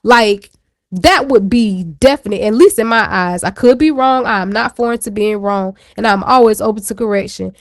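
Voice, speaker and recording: A woman talks candidly on a talk show, rambling through a personal story with easy slang and frank asides. Her voice sits at an ordinary middle pitch. It is recorded dry and close, with no room sound. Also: moderate pace, no echo. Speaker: show co-host. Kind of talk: casual chat.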